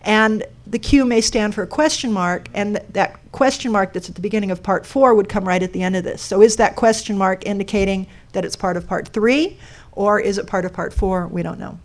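A woman's voice: medium pitch, fairly quick. Woman presenter, explanatory, questions to the room, live talk. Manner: explanatory, asks the audience questions. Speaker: speaker giving a talk on a code sculpture. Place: lecture room with an audience.

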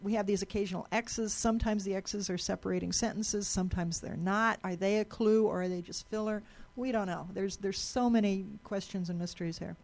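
A woman's voice: mid-range voice, fairly even intonation, fairly quick, few pauses, a little mellow. A woman giving a live presentation to an audience in a lecture room, chatty and explanatory, often restarting and repeating words.

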